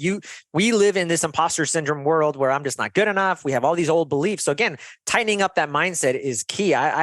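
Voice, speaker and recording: A man's voice: fairly high pitch, no echo. A man guest on a podcast, talking in an earnest, motivational way and telling stories from his coaching work. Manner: earnest, motivational, animated storytelling. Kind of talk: conversational interview.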